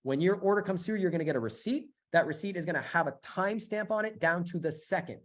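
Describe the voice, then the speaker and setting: A middle-aged man runs a live sales webinar, pushing his offer with emphatic repetition. His voice sits fairly high for a man, and his delivery is peppered with fillers and quick restarts. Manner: energetic, emphatic, repeats phrases, many fillers. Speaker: webinar host selling a business bootcamp.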